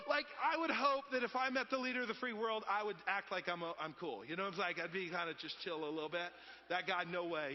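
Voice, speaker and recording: Man, 30s, pastor, chatty sermon, high voice, muffled recording. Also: fast talker, a little hiss or hum. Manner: conversational storytelling, swinging between loud and hushed. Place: church sanctuary. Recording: dull sound with long reverb.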